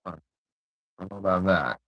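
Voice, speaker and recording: A man's voice: low-pitched, moderate pace, highs cut off. A man co-hosting a livestream, joking playfully in casual chat. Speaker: livestream co-host.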